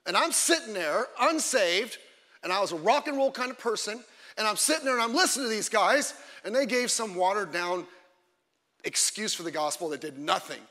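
A man preaching a sermon as a pastor, emphatic and fiery, often breaking off into quick asides. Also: high-pitched, expressive, pushed and bright, long reverb tail.

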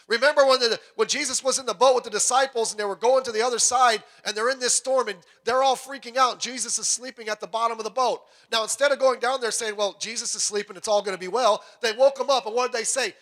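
A male pastor preaching a sermon in an animated way, acting out the voices of the people in his story and dropping to a soft voice for emphasis. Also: extremely high pitch, a little fast.

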